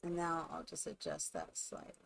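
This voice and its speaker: A woman's voice: deep voice, sing-song, normal speed, creaky, breathy edge, soft background music. A woman live streamer chatting casually and rambling to her viewers while she builds in a game. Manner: chatty, rambling, talks to chat.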